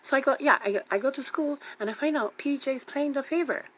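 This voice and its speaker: Speaking fast in a high-pitched voice, a woman hosting a radio talk show shares a personal anecdote casually. She performs each quoted voice and keeps repeating lines for emphasis, staying lively throughout.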